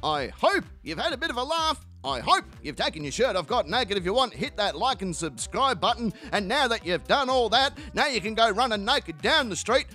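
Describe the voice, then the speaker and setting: A man's voice: high-pitched, moderate pace, few pauses, soft background music. A man hosting an online commentary show, delivering a crude, profane comic outro and acting out voices as he tells stories. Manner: profane, animated storytelling, acts out voices. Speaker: YouTube commentary host. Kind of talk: crude comedic outro monologue.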